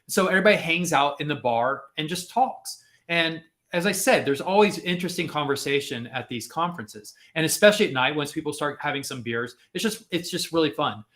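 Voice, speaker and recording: A man on a podcast telling a personal story in a casual, animated way, acting out the people he quotes. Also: fairly high pitch. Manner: animated, acts out quotes with lots of fillers. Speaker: podcast host.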